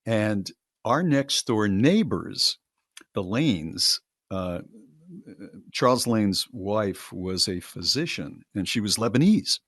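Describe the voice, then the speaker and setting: Older male host, deeper voice, easygoing reminiscing, close dry mic. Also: takes it slowly, no echo. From Connecticut. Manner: relaxed, rambling recollection. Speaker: radio show host. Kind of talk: casual chat.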